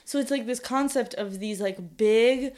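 A woman's voice: on the high side, unhurried, darkish tone. A young woman co-hosting a casual conversation, chatty and thinking aloud with plenty of fillers. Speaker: podcast co-host.

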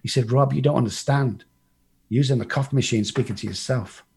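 A middle-aged English man tells his life story in a casual, blunt voice that has a husky edge. He swears freely and acts out other people's lines as he goes, and his pitch sits in an ordinary middle range. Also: a little fast, darkish tone. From England.

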